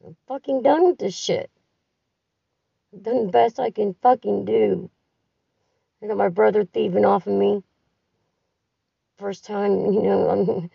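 A woman's voice: mid-range voice, measured pace, gravelly, pauses often, husky, dry recording. A middle-aged woman leaving a raw, profane voice message, bitter, grieving and tired. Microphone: phone voice recording. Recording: dull lo-fi phone audio, distant from the mic.

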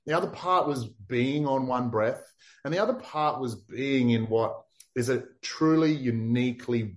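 A man from far north Queensland with an Australian accent, telling a story as an interview guest in a lively, casual way, full of "like" and acted-out quotes. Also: medium pitch. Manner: animated, acts out quotes, many "like" fillers.

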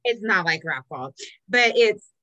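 A middle-aged woman from Texas talks as a podcast co-host over a video call. Her voice is bright and forward, recorded close and dry. She rambles through everyday stories with plenty of ums, laughs and swearing. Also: medium pitch, lively intonation, a little slow, no room sound, dull audio. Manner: chatty, swears freely, frequent ums and laughs. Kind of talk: casual chat.

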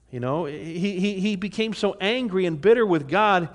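A man's voice: a little high, normal speed. A man preaching a sermon, speaking with passion, often repeating words and restarting as he goes. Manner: impassioned, repeats words and restarts, acts out quoted voices. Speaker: pastor.

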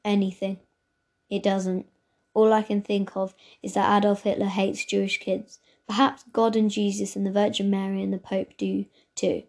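Woman reading a kids' novel out loud, dark mellow voice, steady, trips over a word now and then. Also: mid-range voice, normal speed. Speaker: reader. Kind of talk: reading a children's novel aloud.

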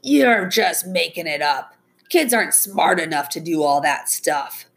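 A woman's voice: fairly low pitch, expressive, unhurried, vocal fry. A woman voicing a stubborn, defensive male suspect who scoffs at accusations in a read-aloud story. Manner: defensive, sarcastic.

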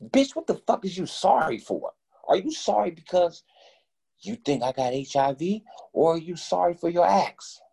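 A man guest telling a story in casual talk, animated and profane, acting out both sides of each conversation. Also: sits high, moderate pace, vocal fry, slightly rough.

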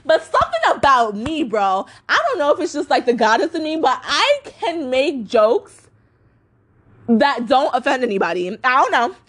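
With a sing-song delivery, normal speed, and a fairly bright tone, a woman in her twenties rants on her podcast. She curses freely, fills her speech with fillers, stresses words hard, and mocks others in a high voice when quoting them.

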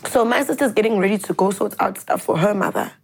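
A woman telling a personal story in an interview, in an earnest, halting way. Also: medium pitch, vocal fry, darkish tone, a little hiss or hum. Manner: earnest, halting, mixes English and isiZulu phrases.

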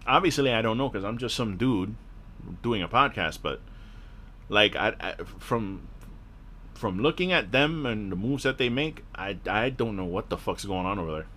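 A man's voice: fairly low pitch, expressive, moderate pace, bright, forceful tone, a little hiss or hum. A man hosting a podcast, ranting in a frustrated, profane, rambling way with a sore throat. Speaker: podcast host.

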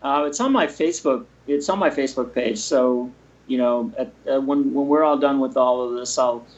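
Relaxed chatting man, lo-fi sound. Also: medium pitch, normal speed. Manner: relaxed, conversational, mid-sentence self-corrections. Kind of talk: casual chat.

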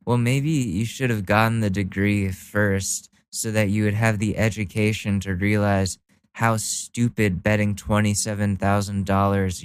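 A man's voice: on the low side, smooth, no echo. A young man doing mocking, profane reaction commentary, sarcastic and laughing often. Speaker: commentary streamer.

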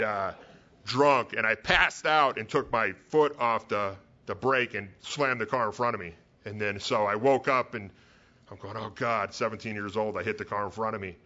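A man's voice: mid-range voice, bright, forceful tone. A middle-aged man from Southern California telling his recovery story at a men's retreat, candid and self-mocking. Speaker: recovery speaker. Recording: dull lo-fi recording.

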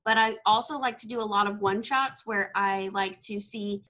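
A woman with a Texan accent hosting a podcast, talking in a casual, excitable way with frequent laughter. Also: medium pitch, normal speed. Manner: giggly and excitable. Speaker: podcast host. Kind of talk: casual chat.

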